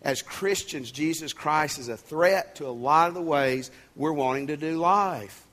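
A man's voice: on the high side, a little slow, fairly bright tone. A male pastor giving a sermon, conversational and emphatic, with folksy asides and jokes.

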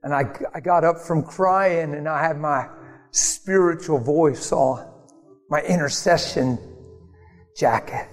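Animated male preacher in a reverberant hall. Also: on the high side, moderate pace. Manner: animated storytelling, acts out prayers and voices. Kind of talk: sermon. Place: church hall. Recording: long hall reverb, faint music.

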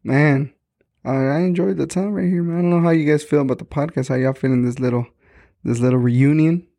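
Young male co-host, slightly high but gravelly and dark voice, dry close sound, relaxed and profane. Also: fairly quick, no echo. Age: young adult. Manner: laid-back, swears freely, laughs often. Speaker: podcast co-host. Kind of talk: casual chat among friends.

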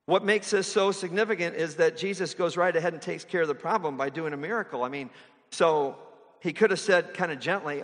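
A man preaching a sermon in a fairly high voice. He talks in a conversational way and often asks rhetorical questions. His voice rings with the long reverb of a large hall. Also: brisk, a bit bright.

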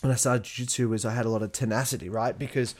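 Man, young adult, casual monologue, swears a lot, laughs while talking, mid-pitched voice. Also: fairly even intonation, rapid-fire.

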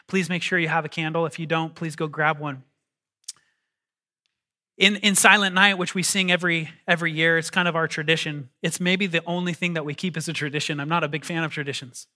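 Male pastor giving a sermon: high, very bright voice, animated and emphatic delivery. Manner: animated, emphatic, calls on the congregation to respond.

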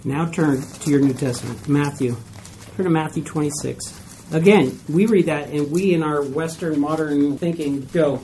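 A woman teaching a Bible study class to a group, animated and acting out skeptical listeners' reactions. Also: deep voice, moderate pace, a little hiss or hum. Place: room with a group.

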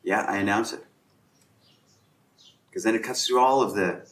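A man's voice: lowish voice, normal speed, long pauses, a bit bright. A man leading a casual round-table discussion who acts out both sides of conversations as he talks. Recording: echoey room.

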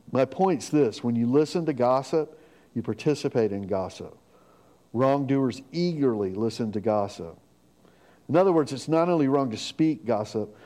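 A middle-aged man preaching a sermon as pastor, conversational and animated, acting out quotes as he goes. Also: mid-range voice.

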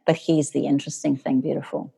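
Aussie woman, middle-aged, low husky gravelly voice, chatty animated storytelling. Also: quick pace. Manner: lively, animated storyteller who acts out quotes. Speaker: guest. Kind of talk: storytelling in casual chat.

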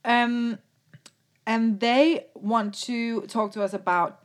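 A woman's voice: on the high side, fairly even intonation, slow pace. A woman co-hosting a podcast, chatting loosely and giggling as she reads listener letters aloud. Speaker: podcast co-host. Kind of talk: casual chat.

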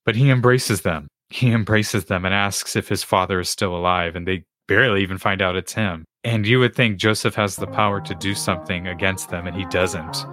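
Podcast host, male, very low voice, earnest preaching tone, dead-dry room. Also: fairly quick, few pauses, fairly bright tone, no room sound, faint music behind. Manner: earnest, retelling scripture with restarts. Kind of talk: faith podcast teaching.

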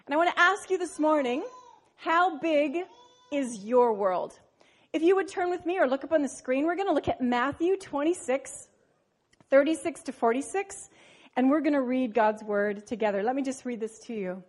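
A woman pastor preaching a sermon, praying earnestly and telling a story expressively. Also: sits high.

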